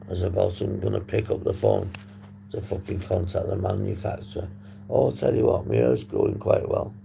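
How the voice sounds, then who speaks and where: A man from the UK hosting a casual recovery livestream, husky from a long phone call, rambling and swearing casually to his chat. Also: low-pitched, noisy background. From United Kingdom. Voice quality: gravelly, dark voice. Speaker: livestream host on addiction recovery. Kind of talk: casual live-stream chat to viewers.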